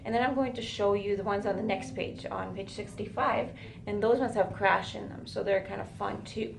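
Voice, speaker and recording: A woman's voice: medium pitch, fairly even intonation, moderate pace, gravelly, noisy background. A woman teaching a recorded drum lesson, explaining fills and checking in with "right?" as she goes. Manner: counts beats aloud, says "right?" often. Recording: roomy with drums playing.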